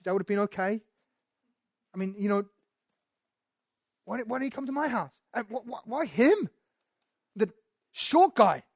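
A man preaching, voicing a jealous man in a crowd who complains quickly and in a whiny way. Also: high-pitched, dry recording. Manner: whiny, fast complaining rant.

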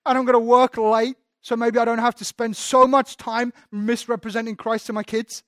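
A man's voice: extremely high pitch, little pitch movement, normal speed, fairly bright tone, no room sound, studio quality. A man preaching a sermon as pastor, candid and self-deprecating, often restarting his sentences.

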